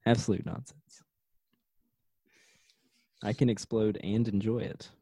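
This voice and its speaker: A man's voice: fairly low pitch, steady tone, slow pace, warm tone, slightly rough, no echo, studio quality. A man co-hosting a podcast, laid-back and chuckling as he goes through his episode notes. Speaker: podcast co-host. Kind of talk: casual chat reviewing a TV episode.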